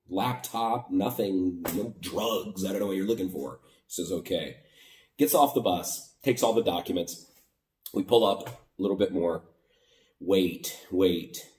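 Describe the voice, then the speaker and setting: Male vlogger from the US, casual storyteller, lowish voice; room echo, mic at a distance. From United States. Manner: animated retelling, acting out both sides of conversations.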